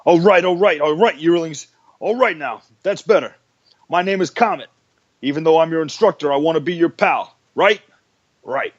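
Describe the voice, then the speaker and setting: A man voicing a gruff, bossy male reindeer flight coach in a drill-sergeant manner. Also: a little high, moderate pace, pitched above the performer's own voice, lightly acted. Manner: blustery, drill-sergeant pep talk. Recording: dull lo-fi radio audio.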